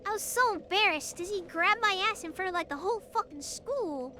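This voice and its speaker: A young woman streamer telling stories to her chat in a casual, animated, blunt and profane way that climbs toward yelling. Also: extremely high pitch, fairly quick. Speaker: live streamer. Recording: clear background noise.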